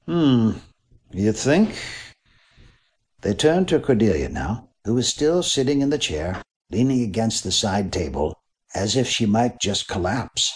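A man's voice: fairly low pitch, normal speed. A man narrating a mystery novel as an audiobook, reading expressively. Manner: expressive reading with voiced characters.

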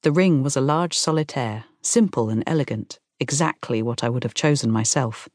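A woman reading a first-person novel aloud in a calm, measured storytelling manner. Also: rumbling low, no room sound, studio quality. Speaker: audiobook narrator. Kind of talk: scripted first-person narration.

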